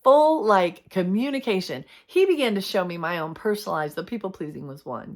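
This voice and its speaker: Woman host, devotional talk, candid and earnest, middle pitch. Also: animated, a little fast. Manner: heartfelt, candid, acts out her prayers. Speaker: Christian video host.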